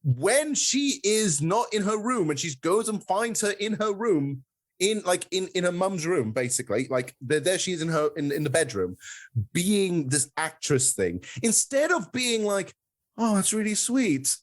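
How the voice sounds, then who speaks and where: A man's voice: sits high, a little slow. A man co-hosting a podcast, chatting casually about a film, acting out quotes with plenty of fillers. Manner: animated, acts out quotes, many fillers. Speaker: podcast co-host. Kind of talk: casual film review chat.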